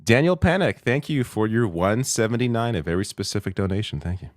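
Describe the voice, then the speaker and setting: A man's voice: on the low side, expressive, brisk, no room sound, clean studio sound. A man co-hosting a political livestream, reading viewer questions and donations in a laid-back way, often chuckling and trailing off. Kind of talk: casual livestream chat.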